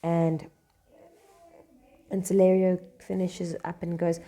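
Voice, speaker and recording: Low, gravelly woman teaching Shakespeare. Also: little pitch movement, dark tone. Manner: casual, reads lines slowly then paraphrases in slang. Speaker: English teacher. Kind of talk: explaining a Shakespeare scene line by line.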